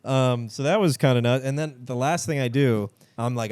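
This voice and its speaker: A man's voice: medium pitch, moderate pace, darkish tone, clean tone, no room sound. A man, co-hosting a comedy podcast and telling a rambling story, acting out the people he overheard. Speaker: podcast co-host.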